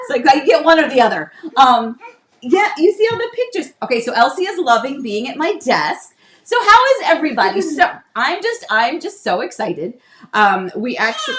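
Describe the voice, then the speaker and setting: A middle-aged woman hosting a casual livestream from her home office desk, chatty and quick to laugh. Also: sits high, sing-song. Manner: chatty, laughs often, coos to a toddler. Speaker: livestream host.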